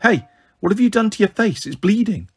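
A man's voice: sits high, lively intonation, fairly quick, breathy edge, pitched above the performer's own voice, heavily acted. A man voicing a fussy middle-aged father in an audiobook reading, speaking in a reproachful, fatherly way. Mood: exasperated.

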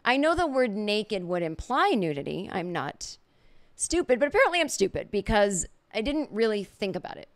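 A woman's voice: mid-range voice, sing-song, moderate pace. A middle-aged woman hosting a podcast, telling a funny story in a casual monologue and acting out the quoted reactions. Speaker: podcast host.

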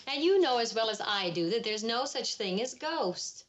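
A woman's voice: on the high side, lively intonation, normal speed, a little hiss or hum, natural voice. An actress playing a sensible suburban mother in a 1970s sitcom, reasonable but turning flustered and hesitant. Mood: calm, skeptical. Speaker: mother of a large family.

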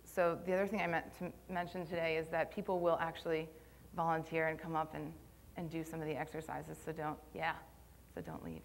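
A young woman with a deep, gravelly voice speaks fairly quickly in a live conference-room talk about posture and Pilates. She's conversational, slightly nervous, and heavy on ums, with slight background noise behind her.

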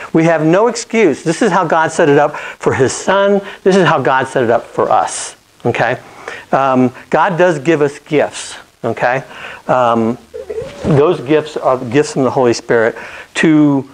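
A man's voice: mid-range voice, poor audio. Man teaching a casual Bible lesson. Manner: conversational, often checks in with "okay?"; restarts and corrects himself mid-sentence.

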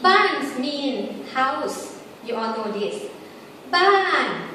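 A woman with a Thai accent teaching English-speaking learners Thai tones in a video lesson, slow and patient, repeating words to demonstrate. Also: high voice, lively intonation, fairly bright tone, a little hiss or hum. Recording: echoey room from far off.

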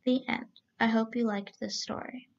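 A woman reading a storybook aloud as a storyteller, in a steady, even-paced read-aloud manner, on a dull lo-fi recording. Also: on the high side, moderate pace, vocal fry.

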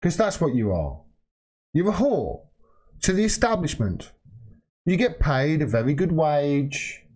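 Angry man ranting, pitch swinging wildly. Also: sing-song, unhurried, long pauses, a little mellow, slightly rough. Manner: angry, profane, heated and emphatic. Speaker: political video commentator. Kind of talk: livestream rant.

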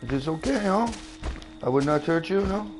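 A man putting on a mock French Canadian accent to play a cheerfully friendly slasher, chuckling and tagging "huh?" onto his lines over loud game music. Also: on the high side, lively intonation, moderate pace. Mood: playful. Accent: put-on French Canadian. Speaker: streamer. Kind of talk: comic live game commentary in character.

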